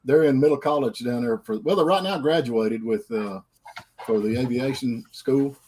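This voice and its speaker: Folksy man hosting, husky. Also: medium pitch, moderate pace, a little mellow. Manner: folksy, rambling. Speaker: host. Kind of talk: casual chat on a livestream.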